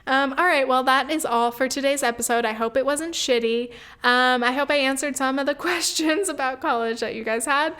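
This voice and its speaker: A woman's voice: high-pitched, normal speed, hardly any pauses, fairly bright tone, clear, resonant tone. A woman in her twenties hosting her own podcast, chatting casually, swearing freely and filling her talk with "like" and "um". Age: 20s. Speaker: podcast host. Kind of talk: casual solo podcast chat.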